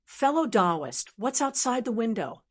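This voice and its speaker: A woman reading an audiobook voices a calm, gentle young male cultivator who speaks softly. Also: on the high side, a little slow. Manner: soft, gentle, composed. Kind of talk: audiobook character voice.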